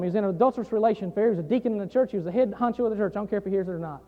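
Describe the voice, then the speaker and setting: A pastor delivers a sermon from the pulpit, his voice sitting unusually high. He repeats phrases with rising force, storytelling between bursts of emphasis. The recording is dull and muffled, with a long church reverb trailing every line. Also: very fast. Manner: emphatic preaching, repeating phrases, swelling louder on key lines. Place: church sanctuary.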